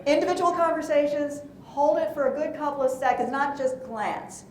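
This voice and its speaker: A woman giving a lively, playful workshop talk in a conference room, asking the audience questions as she coaches. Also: sits high, normal speed, roomy sound. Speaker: presentation coach.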